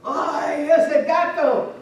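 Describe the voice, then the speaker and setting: A woman's voice: medium pitch, animated, normal speed, darkish tone, lightly acted. A woman playing a boastful, cowardly father who blusters in Spanish and English, heard from far off in an echoey hall. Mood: panicky. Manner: blustering, then panicky, mixing Spanish and English. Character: boastful cowardly father, middle-aged man.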